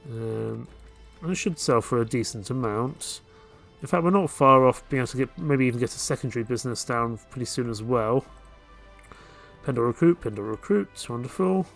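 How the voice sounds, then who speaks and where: Guy narrating his strategy game run, laid back, thinking out loud, mid-pitched voice, faint game music underneath. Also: normal speed, gravelly. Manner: relaxed, thinking aloud while playing. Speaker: let's play host. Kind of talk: casual gameplay commentary.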